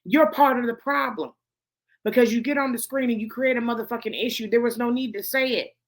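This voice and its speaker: A woman's voice: fairly high pitch, steady tone, fairly quick. A woman host giving blunt, profane commentary to camera, swearing heavily and repeating her points for emphasis. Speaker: host of a gossip commentary show.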